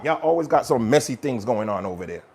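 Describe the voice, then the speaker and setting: A man's voice: medium pitch, expressive, fast talker, darkish tone, a little hiss or hum. A man hosting a live cooking stream, chatting energetically and talking straight to his viewers. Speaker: cooking channel host.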